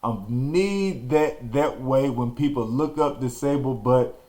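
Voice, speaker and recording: A man from Texas hosting a podcast, telling a story in an animated, slangy way and acting out the scenes. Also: medium pitch, slow. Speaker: podcast host. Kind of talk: storytelling monologue.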